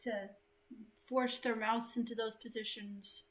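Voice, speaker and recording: A woman's voice: on the high side, steady tone, slow pace, slight background noise. A woman hosting a casual live-stream chat, reading viewer comments aloud and laughing often. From United States. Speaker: host.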